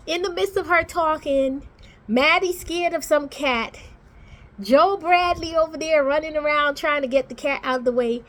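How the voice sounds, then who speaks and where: Woman, high voice, sassy and outspoken, casual vlog chat, small home office. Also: moderate pace. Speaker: vlogger reviewing TV shows.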